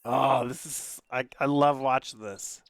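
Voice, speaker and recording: Slow-talking man streamer, smooth voice. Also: mid-range voice, steady tone, dry recording. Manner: rambling, reacting aloud while gaming. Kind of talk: casual livestream chat.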